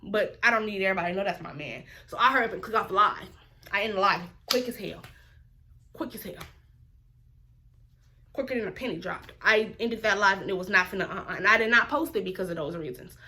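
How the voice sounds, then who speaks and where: A woman's voice: mid-range voice, expressive, racing, hardly any pauses, pushed and bright. A woman, telling a story in a casual vlog and mimicking other people's voices as she quotes them. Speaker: vlogger.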